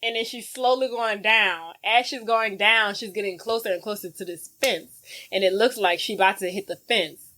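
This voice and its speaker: Woman podcast host retelling a movie, casual and slangy, does squeaky voices for the kids. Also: moderate pace, low-quality recording. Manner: animated retelling with voiced quotes, lively swings in pitch; casual slang-filled storytelling.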